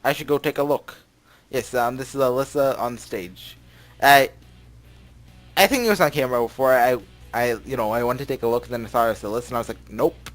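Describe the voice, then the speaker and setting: Male let's-play host, average pitch, reads game text with offhand asides over soft game music. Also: brisk. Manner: chatty, laughs often, stumbles over words. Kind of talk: reading a visual novel aloud with casual asides. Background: game music playing.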